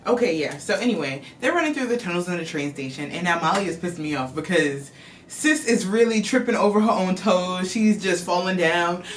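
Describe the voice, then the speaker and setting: A woman vlogger giving a casual, profane, animated movie recap to camera. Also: fairly low pitch, a little fast, slight background noise.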